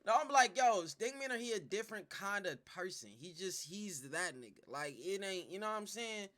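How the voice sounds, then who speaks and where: A man hosting a reaction video, making slangy, excited comments. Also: sits high, normal speed.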